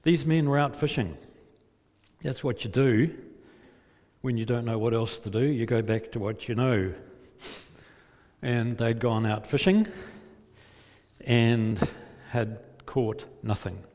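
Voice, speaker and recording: Speaking slowly with long pauses, a man with a medium-pitched, darkish voice preaches a sermon. He tells a gospel story vividly and throws rhetorical questions at his listeners, all in a long hall reverb.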